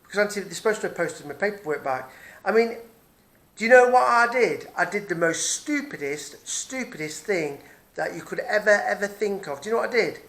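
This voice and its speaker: A man's voice: sits high, lively intonation, brisk, a bit bright. A middle-aged man, ranting angrily and swearing in a personal vlog, repeating himself as he goes. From Britain. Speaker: vlogger. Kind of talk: angry personal rant.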